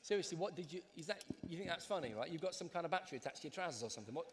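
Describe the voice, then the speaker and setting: A man's voice: a little high, expressive, rapid-fire, background noise. A man presenting live on stage, teasing the audience with mock outrage. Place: large arena stage. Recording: long arena reverb.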